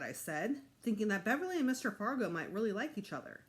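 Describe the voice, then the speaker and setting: A teacher reading a children's chapter book aloud to her class. Her voice sits at a middle pitch and moves a lot, rising and falling as she tells the story. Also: quick pace. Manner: expressive, animated.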